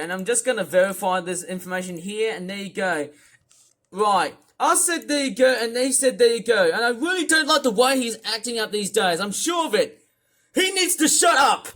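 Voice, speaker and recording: A young vlogger ranting angrily to camera, repeating themselves and swinging from slow, drawn-out complaints into shouting. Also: mid-range voice, a little hiss or hum. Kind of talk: angry rant to camera.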